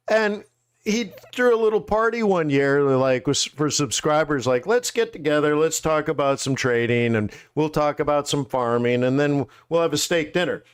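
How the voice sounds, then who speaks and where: A man hosting a live trading webinar, chatting casually in slangy, animated storytelling that acts out quotes. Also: mid-range voice, normal speed, clean tone. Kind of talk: casual chat.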